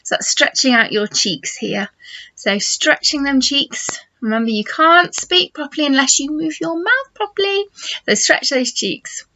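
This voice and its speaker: A middle-aged woman teaching phonics to young children, slow and encouraging as she models sounds for them to copy. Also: sits high, animated, bright, forceful tone. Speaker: nursery teacher. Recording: dull lo-fi home video sound.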